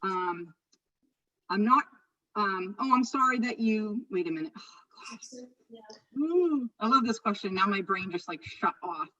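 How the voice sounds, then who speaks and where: A woman leading a live real estate training session, chatty and animated, often stopping herself mid-thought. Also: medium pitch, normal speed, recorded from a distance, lo-fi sound. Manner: chatty, animated, self-interrupting.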